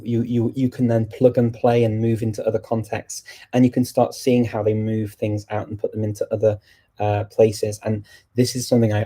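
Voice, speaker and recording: A man hosting a relaxed live stream, chatting loosely about language learning with frequent laughter and restarts. His voice sits low and mellow, and his pitch stays quite even from phrase to phrase. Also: husky. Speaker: language channel host. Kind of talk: casual live chat.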